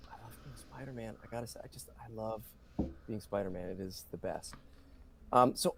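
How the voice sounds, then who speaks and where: Background noise accompanies a middle-aged voice actor who speaks briskly in a fairly low voice. He's a talkative, earnest interview guest whose answers are packed with "you know" fillers.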